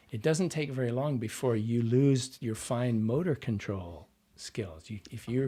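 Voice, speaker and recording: A dialect coach and actor with a medium-pitched, dark voice and a breathy edge explains things at length in a casual podcast interview, wandering off into side topics.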